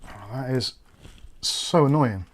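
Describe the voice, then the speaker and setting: A man's voice: medium pitch, slow. Bristolian man chatting while he works. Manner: chatty, thinks aloud while working. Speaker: host building a PC on a livestream. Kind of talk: casual livestream chat.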